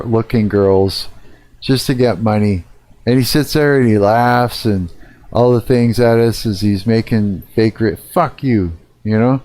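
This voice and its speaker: A man's voice: medium pitch, a little mellow. A middle-aged man ranting casually on a live stream, swearing a lot and rambling with fillers.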